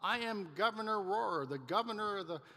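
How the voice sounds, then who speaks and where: A man's voice: high voice, animated, fairly quick, sharp tone, big-room sound, exaggerated voice. A man quoting a tired, indignant male governor who pleads and then turns self-important. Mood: aggrieved.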